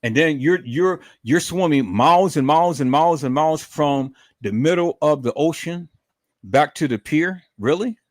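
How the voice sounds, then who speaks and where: A middle-aged man rants angrily on a livestream in a fairly high, expressive voice at a moderate pace, recorded clean and dry like a studio. He swears freely, calls his viewers "peoples," repeats words when worked up and swings into loud outbursts.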